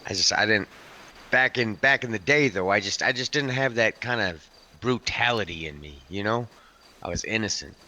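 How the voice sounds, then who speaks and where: A hardened biker club enforcer from a role-play game, voiced by a man. His voice sits low, with a forceful, bright edge, and he swears his way through a rambling yarn, calling the listener by name. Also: moderate pace. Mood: grim storytelling. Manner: profane, rambling storyteller; keeps addressing the listener by name. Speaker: roleplay character telling a story.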